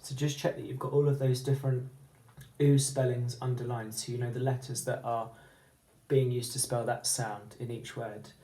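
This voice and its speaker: A man teaching a phonics lesson, slowly sounding out letters and words. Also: mid-range voice, little pitch movement, warm tone, roomy sound, a little hiss or hum, rough recording. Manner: slow, deliberate, sounding out letters.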